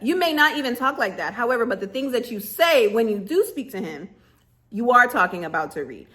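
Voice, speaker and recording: A woman's voice: a little high, lively intonation, normal speed, a bit bright. A woman ranting to camera in a casual vlog, sassy and emphatic, often breaking into laughter. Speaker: vlogger reviewing a reality show.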